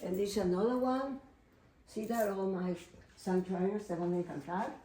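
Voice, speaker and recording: Excitable woman with a Mexican Spanish accent. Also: mid-range voice, moderate pace, recorded from a distance, slight background noise. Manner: excitable, rambling, switches into Spanish. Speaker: artist. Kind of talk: casual studio tour. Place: indoor home studio. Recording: echoey room, voice from off-mic, faint ambience.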